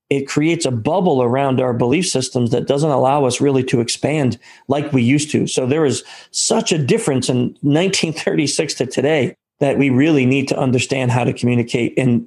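A man being interviewed as an author, telling stories and acting out the quoted lines of the people in them. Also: mid-range voice. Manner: animated storyteller who acts out quoted dialogue. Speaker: guest author. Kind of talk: storytelling in a podcast interview.

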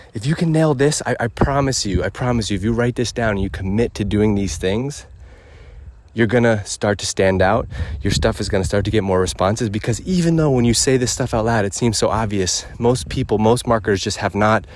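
Out on a walk, a man with a lowish voice hosts his podcast at a brisk pace, slightly winded. His casual rant is emphatic, delivered like a punchy checklist.

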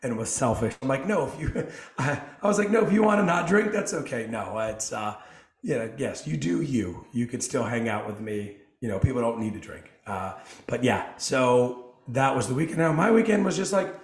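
A man hosting a podcast in casual chat, his voice a bit hoarse, talking in an energetic, joking way. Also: medium pitch, roomy sound. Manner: energetic, joking, quick asides. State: hoarse from coaching. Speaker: podcast host.

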